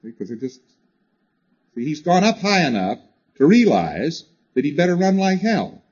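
A man lectures a class in a husky, mellow voice whose pitch swoops up and down with emphasis. He talks conversationally and hammers points home by repeating words and tossing in "you see" asides. The sound is a dull, lo-fi tape recording. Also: sing-song, normal speed.

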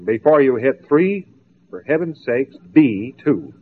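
A man's voice: medium pitch, very animated, unhurried. A man giving a spoken lecture, mocking and sarcastic as he tells stories to make his point. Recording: tinny narrow-band old tape.

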